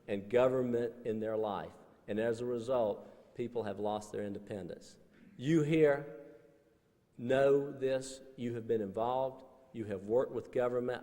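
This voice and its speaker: A man giving a speech, a folksy storyteller who drops his voice low for dialogue. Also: mellow. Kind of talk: public speech with a told story. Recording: reverberant hall.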